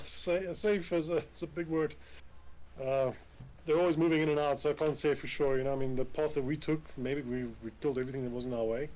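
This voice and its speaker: A man's voice: mid-range voice, darkish tone, rough recording. A man playing his character in a tabletop game, casual and rambling, often laughing. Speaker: player.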